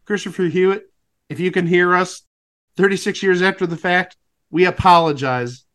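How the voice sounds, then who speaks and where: A podcast co-host with a high, slightly bright voice trades wry, meandering comedic asides about an old TV broadcast. His tone stays steady and his pace moderate in this casual commentary.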